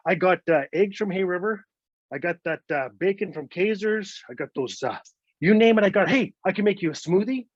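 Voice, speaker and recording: A man's voice: sits high, animated, fairly quick, no echo. A man playing a hockey-crazed husband who grovels and pleads in baby talk, recorded dry and dull. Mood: sweet-talking.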